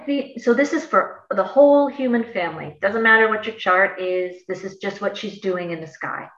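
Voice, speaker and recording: A woman's voice: medium pitch, recorded from a distance. A woman talks through astrology in a loose, playful way and slips into slangy asides. She sounds set back from the microphone, in a roomy space with a slightly dull tone. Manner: chatty and playful, laughs often, slangy asides. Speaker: astrologer guest. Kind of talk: casual explanatory chat.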